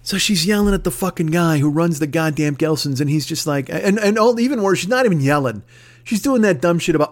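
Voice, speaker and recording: Comic dude, high-ish voice, swearing nonstop, angry mocking rant. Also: male voice, animated, a little fast. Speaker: comedian. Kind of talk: profane comedic rant.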